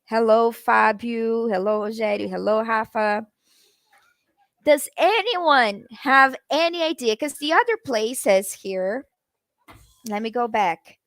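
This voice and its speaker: A woman teaches English on a live stream in a fairly high voice, taking her time over each phrase. She chats with her viewers and greets them as she reads their comments. Her voice sits close and dry, with no room echo around it. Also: vocal fry, fairly bright tone. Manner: chatty, addresses viewers in the comments. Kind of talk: live-streamed language lesson.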